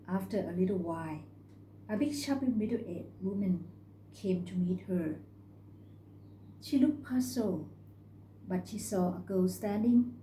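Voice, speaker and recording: A woman reading a story aloud in a calm, measured way. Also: mid-range voice. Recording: roomy recording with faint hum.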